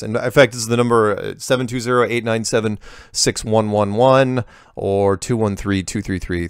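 A man's voice: fairly low pitch, vocal fry, no room sound, studio quality. A man hosting a show where he reads and answers viewer emails in a rambling, casual way, often restarting his sentences and making sarcastic asides. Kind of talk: casual monologue reading emails.

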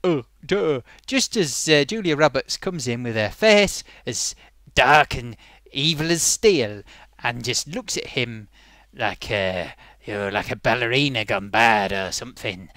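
Lively, scornful comic reviewer. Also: medium pitch, a little slow, no echo. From Britain. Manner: scornful, rambling, with self-tangling asides. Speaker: film reviewer. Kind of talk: comic deadpan film review.

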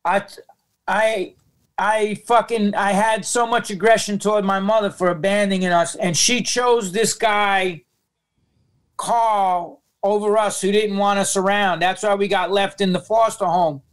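A middle-aged man with a New York accent speaks as a podcast guest, blunt and quick to swear. His voice sits fairly high, and it comes through smooth and clear. He tells a heavy personal story. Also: steady tone. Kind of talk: casual interview storytelling.

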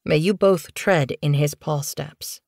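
A stern male cat leader in a storybook, speaking with formal, ceremonial weight, played by a woman narrator. The delivery is slow and measured. The sound is dry and close. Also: low-pitched, creaky, a little mellow, dry recording, heavily acted. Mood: solemn.

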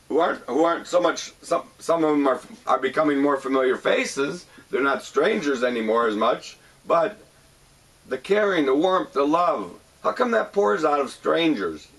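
A man hosting his own show, talking about his experience in an earnest, halting monologue, often repeating himself. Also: on the high side, very animated, a bit bright, slightly rough, distant mic. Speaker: show host. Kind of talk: personal monologue to camera.

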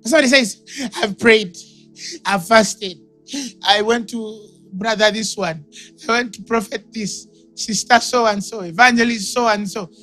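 High-voiced Ugandan preacher, animated. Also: male voice, a little slow, faint music behind. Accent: Ugandan English. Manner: animated preaching, shouts and laughs, acts out callers. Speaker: pastor. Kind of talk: sermon.

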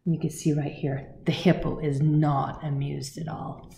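Woman presenting a kids' book, low gravelly voice, slow, echoey room with faint noise. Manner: animated, talks straight to kids. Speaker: book reviewer for children. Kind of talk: children's book recommendation.

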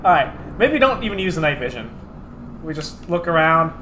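A man giving casual let's-play commentary with wry, deadpan asides. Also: on the high side, normal speed, slight background noise, poor audio. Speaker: co-host playing a video game.

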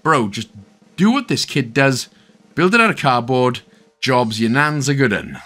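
A man's voice: mid-range voice, animated, measured pace, bright, forceful tone, faint music behind. A young man with a Welsh accent talking through a game guide, chatty and joking with lots of asides. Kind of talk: casual gameplay commentary.

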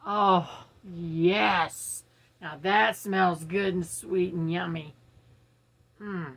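Slow-talking woman with a husky, gravelly voice; chatty home unboxing host. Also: lowish voice, fairly even intonation. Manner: chatty, giggly, talks straight to viewers. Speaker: unboxing vlogger. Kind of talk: casual unboxing chat. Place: home, early morning.

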